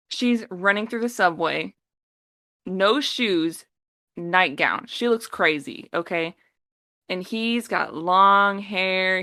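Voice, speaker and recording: A woman on a podcast, retelling a story in a lively, casual way and acting out the characters' lines. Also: lowish voice, dry recording. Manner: animated storytelling, acting out quotes. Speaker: podcast co-host.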